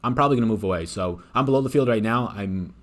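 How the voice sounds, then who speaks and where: A man's voice: on the low side, fast talker. A man hosting a live fantasy sports picks stream, talking casually and swearing freely.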